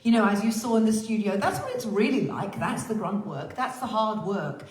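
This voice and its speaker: A woman's voice: mid-range voice, lively intonation, normal speed, a little mellow. A woman hosting a casual livestream chat, theatrical and chatty, swearing freely. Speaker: livestream host. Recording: roomy echo.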